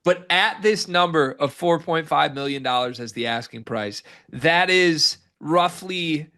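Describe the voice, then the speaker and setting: A man co-hosting a casual sports talk show, animated and lifting his pitch for emphasis. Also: measured pace. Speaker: sports podcast co-host.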